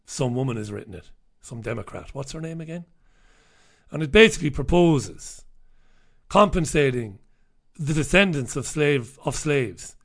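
A man's voice: mid-range voice, animated, moderate pace, gravelly. A man hosting a casual talk radio show, delivering a sardonic monologue with offhand asides and chuckles.

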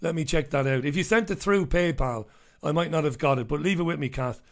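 A man's voice: on the high side, fairly quick. A middle-aged man hosting a radio show, chatting casually and bluntly as he reads out listener messages.

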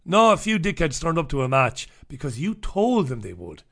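An Irish man with a fairly high voice holds forth on talk radio. He rants in blunt, profane bursts, mocking the people he disagrees with in an opinionated monologue. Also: big pitch swings, moderate pace, fairly bright tone. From Ireland. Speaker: radio talk show host.

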